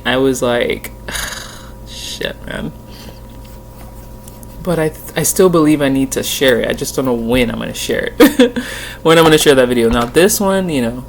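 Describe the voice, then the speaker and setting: A woman's voice: rumbling low, a little hiss or hum. Rambling, laughing woman tarot vlogger. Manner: rambling, laughs often, casual swearing. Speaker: tarot reader and channel host. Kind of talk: casual chatty vlog. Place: at home.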